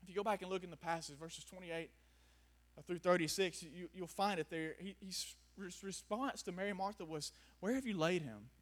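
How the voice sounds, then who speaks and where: High-voiced impassioned preacher man. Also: steady tone, fairly quick. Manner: impassioned, swings between quiet reflection and raised, near-shouted pleading. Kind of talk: sermon. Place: before a gathered audience in a room.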